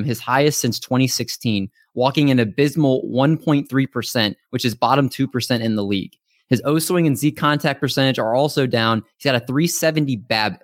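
Upbeat podcast host, dry close sound. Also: male voice, mid-range voice, dry recording. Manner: upbeat, hyped introductions. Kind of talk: casual podcast chat.

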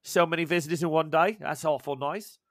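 A man voicing a brash, friendly female Australian barmaid with a put-on Australian accent, loud and teasing. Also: fairly high pitch, fairly quick, no echo, studio quality, lightly acted. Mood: welcoming.

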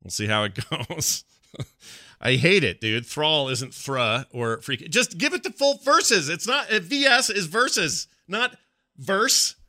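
A man's voice: a little high, very animated, measured pace, sharp tone, dry recording, clean studio sound. A middle-aged man hosting a podcast, chatting casually and ranting with playful exasperation. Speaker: podcast host. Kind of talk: casual chat.

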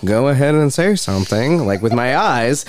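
A man's voice: mid-range voice, animated, normal speed, a little hiss or hum, close to an everyday voice. An actor playing a sarcastic, menacing male police detective in a stage play reading, mocking and taunting. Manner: mocking, sing-song, taunting.

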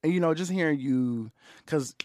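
A man hosting a podcast, asking questions in a relaxed, warm, casual way with slang. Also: a little high, normal speed, no room sound, clean studio sound. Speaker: podcast host. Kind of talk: casual interview chat. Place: recording studio.

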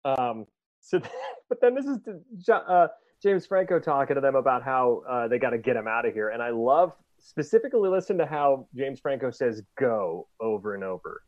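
A man's voice: medium pitch, normal speed, dry recording, muffled recording. A man hosting a casual podcast chat, retelling movie scenes with frequent laughter and plenty of swearing. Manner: laughs often, swears freely, animated retelling. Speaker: podcast host.

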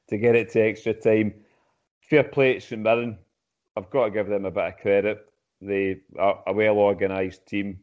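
A Scottish man co-hosting a fan podcast, giving a measured, grudging verdict on the match. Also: sits low, a little mellow. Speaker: podcast co-host. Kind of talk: casual fan podcast chat. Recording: muffled lo-fi line.

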